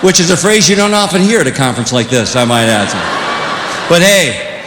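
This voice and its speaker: An older man telling comic stories to young people, swinging between loud punchlines and hushed, earnest moments. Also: expressive, a little fast. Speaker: speaker at a youth conference. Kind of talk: comedic storytelling. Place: large hall. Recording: echoey hall with faint rumble.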